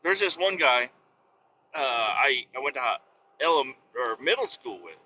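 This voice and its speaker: A man's voice: medium pitch, animated, measured pace, sharp tone, highs cut off, slight background noise. A man in his thirties hosting a podcast, rambling in a jokey, profane monologue. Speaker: podcast host.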